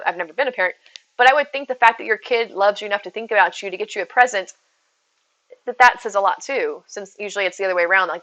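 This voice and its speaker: Woman streamer, bright tone, easy casual chatter aimed at viewers. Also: medium pitch, low-quality recording. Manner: chatty, reads out and answers viewer messages. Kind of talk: casual live-stream chat. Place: at home with her cats.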